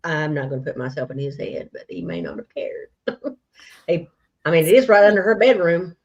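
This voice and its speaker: A woman's voice: lowish voice, moderate pace, vocal fry, darkish tone. Speculating woman co-host, dull lo-fi sound. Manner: speculative, laughs often. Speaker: true crime livestream co-host. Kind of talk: casual chat.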